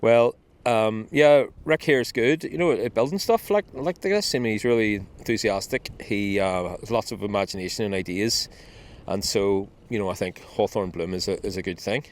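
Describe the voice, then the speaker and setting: A man's voice: lowish voice, lively intonation, moderate pace, lightly acted. A man voicing a chatty female talking animal with a Northern Irish accent, speaking in a fond, praising way.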